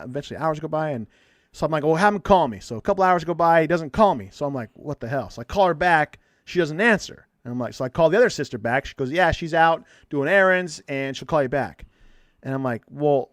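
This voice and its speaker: In a clean, dry studio recording, a man with a fairly high voice co-hosts a podcast; he's also a counselor. He tells a story in casual chat, animated, acting out the voices of the people he quotes.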